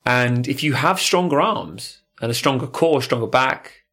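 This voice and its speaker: A man's voice: medium pitch, unhurried, a bit bright. A man hosting a podcast in casual chat, talking in an emphatic, motivational way.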